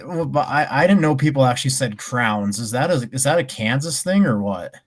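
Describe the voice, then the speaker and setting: A man's voice: mid-range voice, expressive, a little fast. A man hosting a casual sports betting podcast, rambling and laughing often, tripping over his words. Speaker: podcast host.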